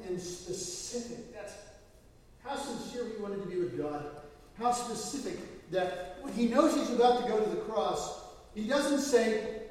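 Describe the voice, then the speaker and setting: A man's voice: high-pitched, darkish tone. A man preaching a sermon in a conversational, storytelling way. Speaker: pastor. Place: church sanctuary. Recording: echoey church hall, mic at a distance.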